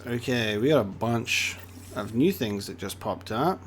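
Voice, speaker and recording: A man's voice: mid-range voice, animated, a little slow, a little hiss or hum. A man giving casual let's-play commentary, reading game text aloud as he plays. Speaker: gaming streamer.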